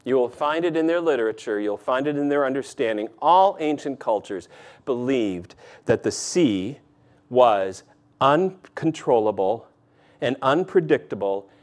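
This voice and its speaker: A man's voice: medium pitch, expressive, unhurried. A man preaching a sermon, reading scripture and then explaining it in a conversational way, with asides to the congregation. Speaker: pastor.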